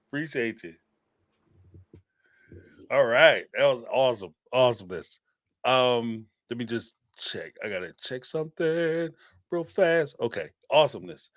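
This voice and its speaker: A man hosting a call-in show, upbeat, quick to laugh and affirm his callers. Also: mid-range voice, a bit bright, no room sound, studio quality. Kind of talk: casual call-in chat.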